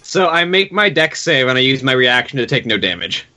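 A man playing in a tabletop game, quickly offering helpful tactical suggestions to the others. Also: mid-range voice, very animated, pushed and bright. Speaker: player (wizard). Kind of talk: casual tabletop play.

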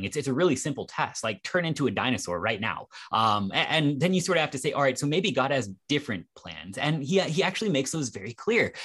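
A man's voice: mid-range voice, breathy edge. A man, a pastor co-host, talking through faith in a casual conversation, thoughtful and reasoning aloud with frequent restarts.

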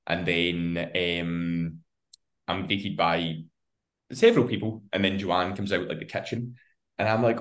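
Deep-voiced and a little slow, this Scottish-accented man keeps a fairly even intonation. He's a podcast co-host telling a lengthy anecdote in relaxed conversation, cursing freely and laughing through it.

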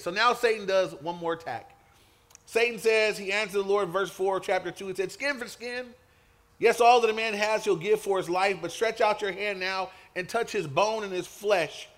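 High-voiced, bright pastor preaching. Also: male voice. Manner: lively, conversational preaching with calls for amen. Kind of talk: sermon.

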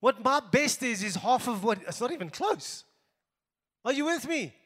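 A middle-aged South African man preaching a sermon as pastor, emphatic, moving between raised exhortation and quiet asides. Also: extremely high pitch, sing-song, moderate pace, long reverb tail. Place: church.

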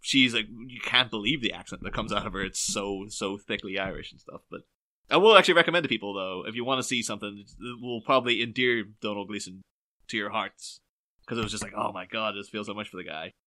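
A man's voice: fairly low pitch, fast talker. A young man co-hosting a podcast, chatting casually about a film with lots of fillers and restarts. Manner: animated, rambling with many fillers and restarts. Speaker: podcast co-host.

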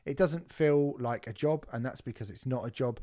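A man's voice: medium pitch, normal speed, warm tone. A man with an English accent hosting a podcast in casual, rambling chat, laughing often and teasing himself. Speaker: podcast host.

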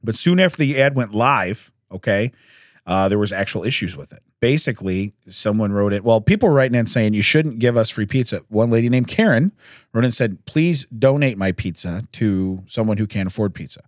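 A man hosting a podcast, chatting casually through news stories and laughing and clearing his throat often. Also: on the low side, expressive, fairly quick, no room sound, studio quality. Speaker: podcast host.

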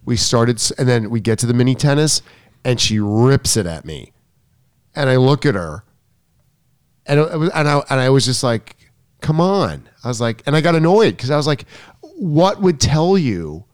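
A tennis coach talks in a casual podcast chat and tells his story with animation, acting out the lines of the conversation. His voice is medium in pitch and is recorded dry, close to the mic, with no echo. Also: brisk, smooth. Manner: animated storytelling, acts out quotes.

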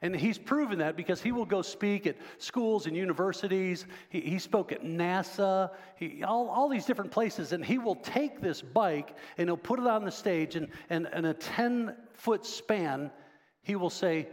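A man's voice: high-pitched, lively intonation, normal speed, big-room sound. A man preaching a sermon as pastor, talking conversationally and quizzing the congregation. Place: church sanctuary.

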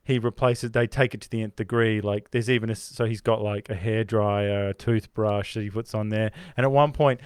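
A podcast co-host with a lowish voice discusses films casually at a moderate pace with few pauses. He rambles, restarts a lot, and becomes animated recounting scenes, all in clean studio-quality sound with no room noise.

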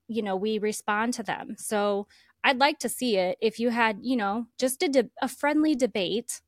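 Earnest woman podcast co-host, higher voice. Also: no echo, clean studio sound. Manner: earnest, rambling, sentimental. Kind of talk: casual chat.

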